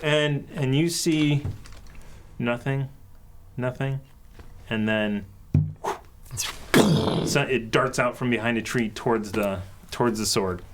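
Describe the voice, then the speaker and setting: Slow, halting male game master. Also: medium pitch, background noise. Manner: relaxed, halting narration with many fillers. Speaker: dungeon master. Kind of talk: narrating a tabletop game.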